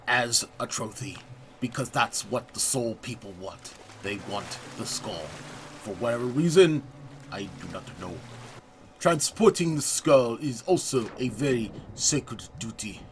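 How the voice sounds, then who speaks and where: A man narrating a gameplay video in a playful, mock-grand style, putting on a deliberately bad French accent. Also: medium pitch, a bit bright, slight background noise. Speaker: gaming channel host. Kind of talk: let's play voice-over commentary.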